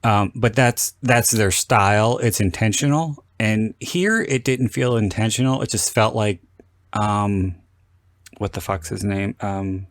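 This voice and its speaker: A man hosting a podcast, chatting casually about a film and acting out scenes with lively, sweary retellings. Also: on the low side, measured pace, no echo, clean studio sound. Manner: animated storyteller, acts out quoted lines with swearing. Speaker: podcast host. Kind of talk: casual film commentary chat.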